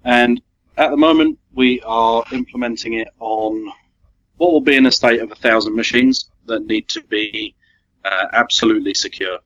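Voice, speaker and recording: A man's voice: mid-range voice, fairly bright tone. Young English man, muffled lo-fi sound. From England. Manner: hesitant, fillers, quick laughs. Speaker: guest consultant. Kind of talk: casual podcast chat. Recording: dull lo-fi sound.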